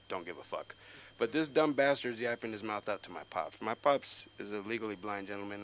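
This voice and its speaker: A young man doing stand-up at an open mic, telling rambling, profane stories and breaking into loud outbursts. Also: lowish voice, slight background noise, low-quality recording. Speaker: stand-up comic.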